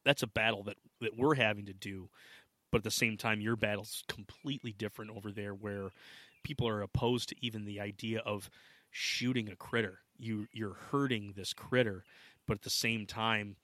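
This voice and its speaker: A man's voice: lowish voice, steady tone, moderate pace, bright, forceful tone, no echo. A man hosting a podcast, talking earnestly in long rambling sentences that often restart. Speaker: podcast host. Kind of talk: casual interview talk.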